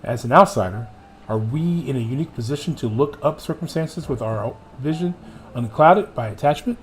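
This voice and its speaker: A man's voice: mid-range voice, expressive, moderate pace, slight background noise. A man streaming a video game who reads the cutscene dialogue aloud in a theatrical way and jokes with his chat between lines. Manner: theatrical reading, playful asides to chat. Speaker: gaming streamer.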